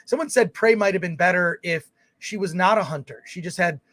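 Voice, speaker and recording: Recorded with no echo, this man has a high, slightly bright voice and talks a little fast. As co-host of a live film talk show, he chats casually, rambles through his points with frequent restarts, and reads out viewer comments.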